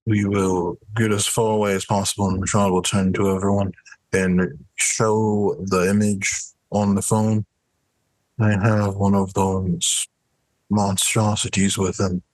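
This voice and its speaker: A man's voice: on the low side, little pitch movement, a little slow, darkish tone, no room sound, rough recording. A man playing a tabletop role-playing game, stating his character's plans in a matter-of-fact way. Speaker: player. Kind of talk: casual tabletop play.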